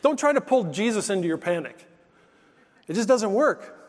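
A man's voice: high-pitched, lively intonation, normal speed, big-room sound. A male pastor preaching a sermon, telling stories in an emphatic, conversational way.

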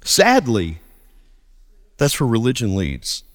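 A man, a pastor preaching a sermon and telling stories with lively acted dialogue. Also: mid-range voice, slow, big-room sound. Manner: animated storytelling, acts out dialogue.

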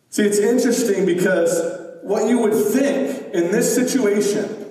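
A man in his thirties preaching a lively sermon as pastor, acting out voices with big swings in tone. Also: unhurried. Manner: animated, acts out voices with big pitch swings. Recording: echoey hall, distant mic.

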